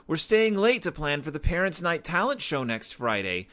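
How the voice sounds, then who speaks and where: A man voicing an eager young boy bear cub in a storybook read-aloud, talking in a lively, excited way. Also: a little high, moderate pace, voice pushed up. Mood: pleading.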